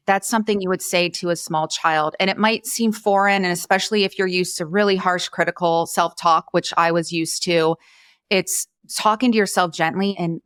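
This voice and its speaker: A woman hosting a podcast interview, speaking in a gentle, thoughtful and encouraging way. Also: medium pitch, fairly quick, smooth, no echo, clean studio sound. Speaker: podcast host. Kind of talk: conversational interview.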